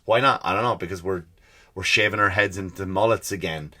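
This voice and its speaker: A man's voice: on the low side, fast talker, sharp tone. A man with a mixed Irish and American accent, hosting a comedy podcast in a profane, exasperated ranting monologue.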